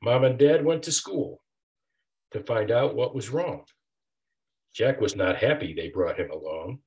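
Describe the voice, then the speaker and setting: An older man, an author reading his own rhyming picture book aloud with a steady rhythmic delivery. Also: medium pitch, unhurried, muffled recording. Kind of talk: storybook read-aloud.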